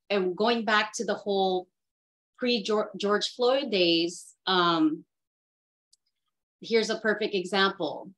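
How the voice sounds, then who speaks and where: A woman on a video call, talking in a halting, earnest way with many fillers and restarts during a group discussion. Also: medium pitch, a bit bright, low-quality recording. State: getting emotional. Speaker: workshop participant.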